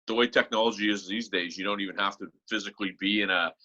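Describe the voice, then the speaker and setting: A man co-hosting an interview podcast, chatting casually and chiming in with quick remarks. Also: on the low side, steady tone, sharp tone, lo-fi sound. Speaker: podcast co-host and radio show host.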